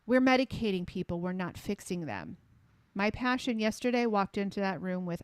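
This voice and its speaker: A woman's voice: mid-range voice, fairly quick, smooth, dry recording. A middle-aged woman, a health coach talking with passion. She hammers points home by repeating them and acts out quotes as she tells stories. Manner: emphatic, repeats phrases for punch; animated storyteller acting out quotes. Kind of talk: impassioned conversational advocacy.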